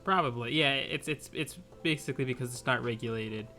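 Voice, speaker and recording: A man's voice: medium pitch, a little fast, sharp tone, faint music behind. A man co-hosting a podcast in casual chat, explaining his views and thinking aloud with many restarts. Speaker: podcast co-host.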